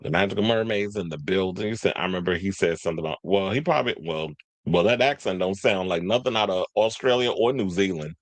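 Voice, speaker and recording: A man with a lowish voice hosts casual entertainment news, rambling in slangy talk and forgetting names. He reads stories aloud and chats back with his viewers. The sound is close and dry, with no room around it. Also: fast, no echo. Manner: rambling, slangy, loses his train of thought; talks to viewers and live chat.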